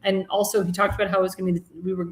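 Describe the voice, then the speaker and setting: A woman's voice: medium pitch, little pitch movement, racing. A woman hosting a live political talk show, chatting casually with many fillers and restarts. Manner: indignant, scolding. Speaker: host. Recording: roomy echo.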